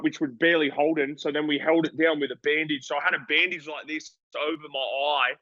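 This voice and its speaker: A young Australian boxer chats casually in an interview, rambling through stories and acting out voices with animated flair. His voice sits on the high side. The recording has no echo but sounds muffled.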